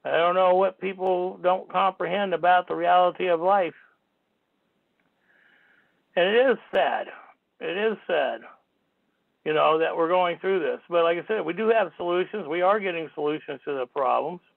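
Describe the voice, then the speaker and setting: Indignant gravelly man on a tinny phone line. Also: high-pitched, moderate pace, pauses often. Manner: rambling, indignant, swears casually. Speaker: radio talk show host. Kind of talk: call-in radio monologue.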